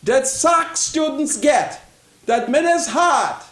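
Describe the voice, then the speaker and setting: A Bahamian man hosting a commentary show, pleading and repeating himself in a preachy way and breaking into shouts. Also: very high voice, lively intonation, slow, reverberant. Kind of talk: impassioned political commentary.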